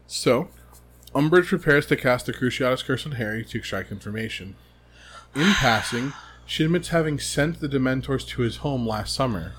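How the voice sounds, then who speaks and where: A man co-hosting a casual book podcast, calmly summarizing the plot and agreeing with short replies. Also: mid-range voice, normal speed, slightly rough. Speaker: podcast co-host. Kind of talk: casual book recap chat.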